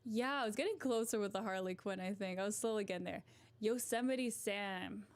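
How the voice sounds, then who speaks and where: A woman's voice: medium pitch, fairly quick. A young woman streaming, chatting casually to viewers, giggly and self-amused. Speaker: voice-acting streamer.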